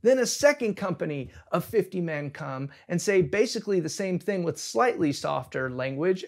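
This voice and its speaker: A man's voice: high-pitched, expressive, normal speed, few pauses. A man pastor giving a casual, conversational sermon with humorous retellings of scripture. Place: church service.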